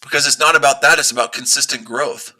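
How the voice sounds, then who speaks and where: A man with a very bright, piercing voice argues at his live-stream chat. He is combative and profane, hammering the same rhetorical questions again and again. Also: mid-range voice, fairly even intonation, fast. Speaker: day trader streaming live.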